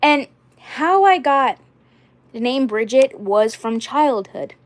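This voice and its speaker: A woman's voice: high voice, expressive, slow. A young adult woman talking casually about her doll collection in a rambling, repetitive way with many fillers.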